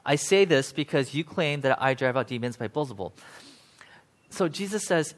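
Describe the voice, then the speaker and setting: A man preaching a casual, conversational sermon, paraphrasing scripture in lively everyday speech with frequent "right?" asides. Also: mid-range voice, normal speed. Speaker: pastor.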